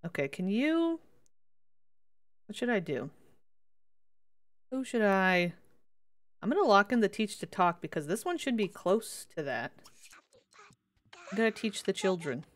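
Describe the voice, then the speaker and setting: A woman's voice: medium pitch, big pitch swings, measured pace, long pauses. A woman in her twenties chatting casually as she streams a game, giggly and rambling, with many restarts. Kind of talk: casual gameplay commentary.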